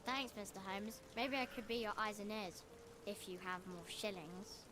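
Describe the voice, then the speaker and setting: A woman's voice: medium pitch, normal speed, noisy background, lightly acted. A woman with a Cockney-tinged British accent voicing a cocky, streetwise young newsboy who boasts and bargains. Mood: cheeky. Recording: game audio over background music.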